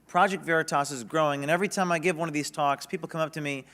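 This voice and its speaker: A man giving an energetic, emphatic speech at a conference. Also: on the high side, rapid-fire. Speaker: conference speaker. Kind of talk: public speech. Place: conference stage.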